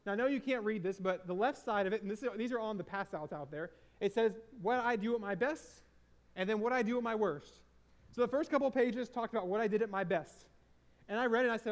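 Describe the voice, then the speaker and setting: Man, high register, earnest confessional storyteller addressing a crowd; leans on repetition. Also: fast. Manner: earnest, confessional, repeats phrases for emphasis. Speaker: speaker and former hospital chaplain. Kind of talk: personal storytelling talk to an audience.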